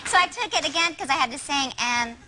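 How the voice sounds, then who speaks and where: Giggly high-voiced woman telling stories. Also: fast talker. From Oklahoma. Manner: giggly, animated storyteller. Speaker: talk show guest. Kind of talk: chatty anecdotes on a talk show. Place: TV studio with audience. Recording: noisy TV studio recording.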